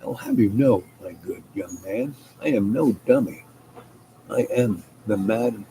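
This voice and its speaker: A man's voice: lowish voice, expressive, a little slow, mellow, rough recording. A man voicing a mysterious old woman who claims to be thousands of years old, speaking solemnly and grandly, with hiss behind. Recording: noticeable background hiss.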